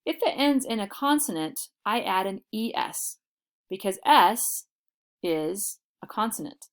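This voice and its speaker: A woman teaching a Spanish vocabulary lesson, explaining patiently and saying model phrases slowly and clearly. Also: mid-range voice, animated.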